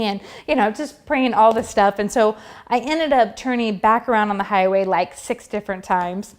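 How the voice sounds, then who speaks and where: A woman's voice: medium pitch, fairly quick. A woman telling her personal faith testimony in a chatty, casual way, full of fillers and acting out her own past thoughts. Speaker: Christian testimony speaker.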